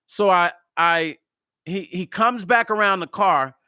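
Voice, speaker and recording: A man vlogging to camera, telling a story in a casual, animated way, acting out the quoted lines and swearing freely. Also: high-pitched, moderate pace, dry recording, clean studio sound. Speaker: music vlogger.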